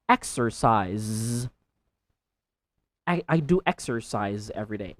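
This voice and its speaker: A woman teaching English pronunciation, repeating words slowly with exaggerated, deliberate enunciation. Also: a bass voice, sing-song, no room sound. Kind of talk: pronunciation tutorial.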